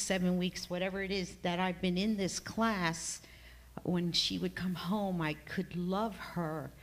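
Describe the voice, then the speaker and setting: A middle-aged woman sharing an emotional personal testimony in a church class, rambling and halting, with many fillers and restarts. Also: lowish voice. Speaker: class member giving a testimony.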